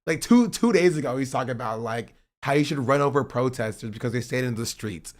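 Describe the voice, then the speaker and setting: A man streaming live, reacting to clips with blunt, profane commentary that swings from measured to fired up. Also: mid-range voice, expressive.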